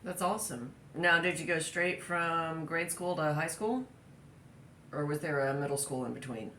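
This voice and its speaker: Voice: medium pitch, normal speed, pushed and bright, slight background noise. An interviewer in a casual family interview who asks curious, prompting questions.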